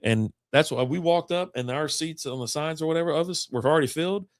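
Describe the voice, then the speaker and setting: A man's voice: fairly high pitch, fast, no room sound, clean studio sound. A man co-hosting a casual chat, telling a long story in a rambling, profane way and acting out what people said. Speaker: podcast co-host.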